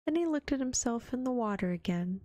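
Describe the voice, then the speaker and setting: A woman reading a children's storybook aloud in a gentle ASMR whisper. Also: fairly high pitch, lively intonation, fairly quick, no echo. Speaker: vtuber storyteller.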